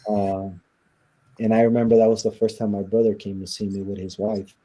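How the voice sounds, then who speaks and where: Low dark-voiced man telling his story. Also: little pitch movement, brisk. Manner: casual, storytelling with many quoted exchanges and fillers. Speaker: interview guest.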